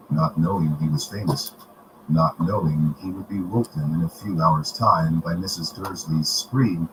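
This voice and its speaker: A man reading a storybook aloud on a live stream, in a steady, expressive manner. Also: sits low. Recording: noisy home recording.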